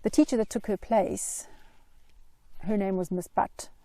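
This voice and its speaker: Gravelly-voiced woman telling her story. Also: medium pitch, steady tone, mellow. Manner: earnest, reflective, slow and deliberate. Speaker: Christian mental health vlogger. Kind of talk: personal story told to camera.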